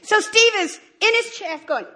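A woman giving a lively, humorous church testimony and acting out the dialogue as she goes. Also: extremely high pitch, normal speed. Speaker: church speaker sharing a testimony. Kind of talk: animated storytelling testimony.

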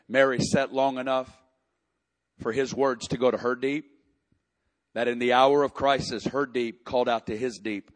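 A man preaching a sermon, reading scripture and building to impassioned, near-shouted prayer. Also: mid-range voice. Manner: impassioned preaching, rising to shouts in emotional passages. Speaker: pastor.

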